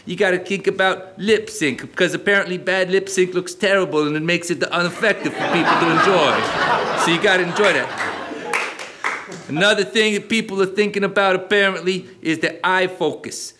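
A man doing a cocky, high-voiced wisecracking puppet. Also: sharp tone. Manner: cocky, joking, talks out of the side of his mouth. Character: brash wisecracking male puppet showman. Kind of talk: live puppet comedy.

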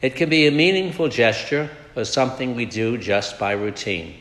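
A Redemptorist priest, a man, reading scripture and preaching a homily in a measured, deliberate way. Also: medium pitch, expressive, fairly bright tone. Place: large basilica. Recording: echoey church with long reverb.

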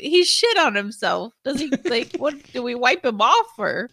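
A woman's voice: high voice, sing-song, moderate pace, few pauses, a bit bright, no echo. A woman co-hosting a podcast, chatting casually, laughing often and reading news stories aloud. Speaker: podcast co-host.

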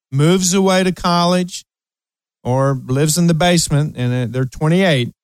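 A man's voice: a little high, smooth, dry recording, poor audio. A man in his late sixties hosting an advice show, talking emphatically to parents and repeating key phrases. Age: 60s. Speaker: radio show host and coach. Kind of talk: advice talk with personal anecdote.

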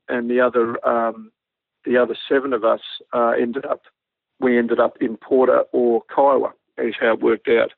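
An Australian man, a former Army pilot, telling stories in an interview, relaxed and self-deprecating, laughing as he goes. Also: medium pitch, vocal fry, no room sound. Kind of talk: anecdotal interview storytelling. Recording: dry, phone-like lo-fi line.

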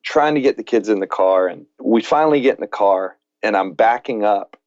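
A man in his late thirties with a low voice speaks earnestly, repeating his first words as he tells a family story. The sound is dry and a little dull, with no room around it. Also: lively intonation, fairly quick, a little mellow, no echo. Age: late 30s. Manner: earnest, repeats words when starting sentences. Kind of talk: casual faith conversation with storytelling.

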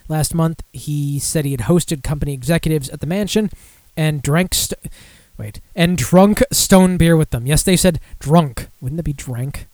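Dry, higher-voiced podcast host. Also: male voice, normal speed, a little mellow, dry recording. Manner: loose, profane, sarcastic asides. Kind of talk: casual chat, reading news aloud.

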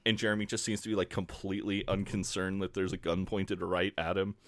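A man's voice: low voice, level tone, fairly quick, dry recording. A man co-hosting a podcast, recapping episodes from his notes in a laid-back, chatty way and laughing often. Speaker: podcast co-host. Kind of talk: casual podcast recap chat.

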